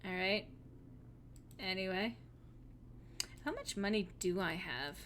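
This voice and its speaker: Woman streamer, American, wry and offhand, bright voice, reads game text aloud. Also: medium pitch, expressive, slow, a little hiss or hum. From United States. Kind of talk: casual let's-play chat and reading game text.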